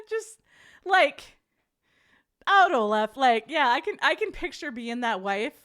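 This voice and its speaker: A woman's voice: high-pitched, takes it slowly. Giggly woman reading stories aloud. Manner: laughs often, animated storytelling. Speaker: podcast host reading stories. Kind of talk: casual chat reading aloud to live chat.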